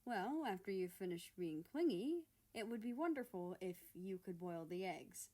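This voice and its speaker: A woman's voice: mid-range voice, animated, normal speed, mellow, natural voice. A woman voicing a fussy, doting middle-aged father who teases and frets over his grown son, in a fan fiction reading. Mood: teasing. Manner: doting, fretful, teasing.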